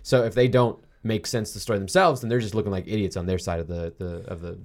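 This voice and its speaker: A man hosting a casual podcast chat. He talks quickly, halting often, with many restarts. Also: lowish voice. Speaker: show host.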